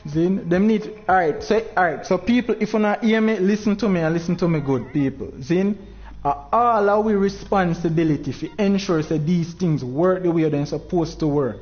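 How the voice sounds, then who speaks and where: A man's voice: high voice, normal speed, lo-fi sound, soft background music. A Jamaican man hosting a game tournament livestream, talking in heavy patois, frustrated and preaching at his viewers.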